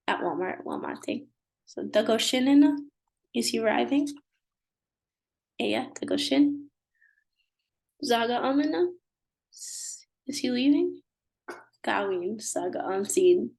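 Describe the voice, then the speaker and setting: A woman's voice: on the high side, creaky, a little mellow, husky. A woman with a stuffy nose teaching a language lesson, patiently repeating each phrase and translating it. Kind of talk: language lesson, slow repetition drills.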